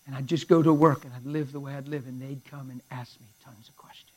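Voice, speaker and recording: Man, middle-aged preacher, high voice, animated storytelling, hushed then loud. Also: quick pace, few pauses, breathy edge, rough recording. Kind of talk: sermon storytelling.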